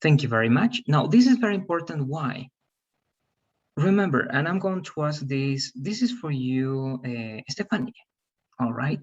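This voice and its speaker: Husky-voiced man teaching an online class. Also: a little high, expressive, moderate pace, lo-fi sound. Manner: patient, repeats okay and right, calls on students by name. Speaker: English teacher.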